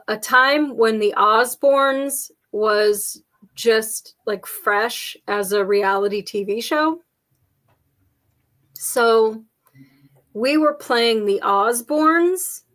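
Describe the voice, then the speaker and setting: A woman's voice: fairly high pitch, extremely slow, pauses often, a bit bright. A woman co-hosting a casual chat, telling jokey stories with lots of laughter. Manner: chatty, jokey storyteller, frequent laughs. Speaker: podcast co-host.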